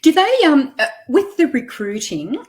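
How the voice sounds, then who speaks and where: Slow-spoken woman hosting an interview. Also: high-pitched, sing-song. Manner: sympathetic, with frequent murmured agreement. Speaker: host. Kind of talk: casual video call interview.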